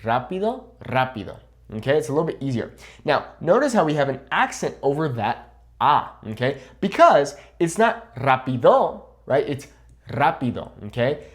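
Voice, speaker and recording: A young man's fairly high, sing-song voice guides an online lesson on Spanish pronunciation. He's encouraging and patient, pronouncing words slowly and asking "okay?" after each point.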